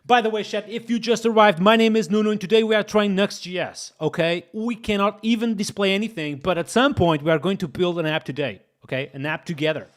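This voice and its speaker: A high-pitched young man talks a little fast, barely pausing, while live-streaming his coding. His casual commentary is full of thinking aloud, repetition, and direct remarks to his chat.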